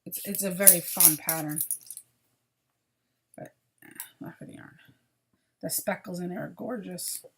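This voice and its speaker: A woman chats casually through her crochet projects for her viewers, tired and often apologizing. Her voice sits a bit on the low side. A faint background noise runs under the recording. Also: fairly even intonation, measured pace, pauses often. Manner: chatty, apologetic, tired and yawning. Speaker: crochet podcast host.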